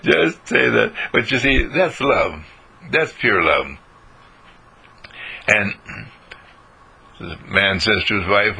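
Gravelly, husky older man telling stories. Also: on the low side, animated, slow pace, long pauses, bright, forceful tone, low-quality recording. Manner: folksy, acts out little scenes. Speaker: speaker giving a moral talk. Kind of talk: storytelling lecture.

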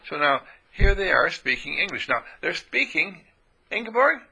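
A man preaching a folksy spiritual sermon, animated and playful, swooping into high voices for sheep and characters. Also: normal speed, creaky, breathy edge, low-quality recording.

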